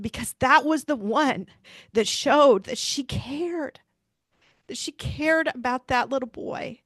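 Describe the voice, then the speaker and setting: In a clean studio recording with no room sound, a middle-aged woman speaks in a high-pitched voice. A pediatrician and bereaved mother, she's a guest recounting a personal story, her speech earnest, searching and full of restarts.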